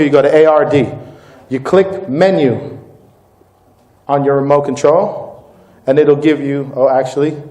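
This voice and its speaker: A man presenting as company CEO at a distributor meeting, slightly higher-pitched than most men. He talks informally and with energy, walking the crowd through a demo and then a pitch. The sound carries the echo of a reverberant meeting room. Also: warm tone. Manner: upbeat, informal, keeps addressing the crowd as "guys". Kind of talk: live product demo and sales pitch. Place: meeting room with live audience.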